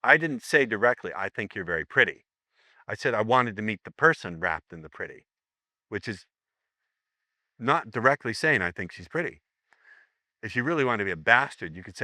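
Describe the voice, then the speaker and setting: A man leads a live seminar, rambling and joking as he acts out sample lines. His voice sits a little low but sounds bright and sharp. The recording is dry and close. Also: sing-song, moderate pace, long pauses, dry recording. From United States. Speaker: seminar teacher.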